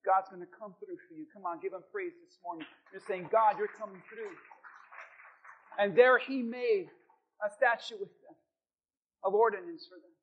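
A middle-aged man preaching a sermon as pastor, dramatic, at times shouting as he acts out prayers. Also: high voice, moderate pace, muffled recording.

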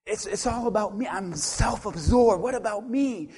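A pastor preaching a sermon, swinging from quiet asides to loud, animated calls and acting out what people say. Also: male voice, high-pitched, normal speed, slight background noise.

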